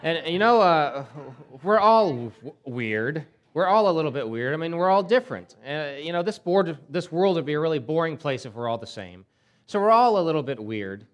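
A man's voice: a little high, very animated, normal speed. A male pastor delivering a sermon in a conversational storytelling way, often restarting his words.

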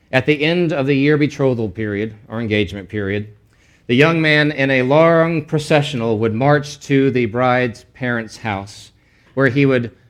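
A middle-aged man giving a Bible teaching in a loose, conversational way. He explains as he goes, doubles back on his words and adds offhand asides. His voice sits at an ordinary pitch for a man. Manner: casual and explanatory, with frequent restarts and asides.

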